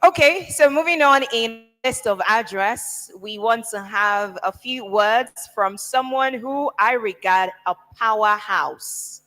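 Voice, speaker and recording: A woman hosting a youth event, lively and coaxing as she calls up students and introduces speakers. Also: a little high, slow, few pauses, big-room sound, low-quality recording. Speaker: master of ceremonies.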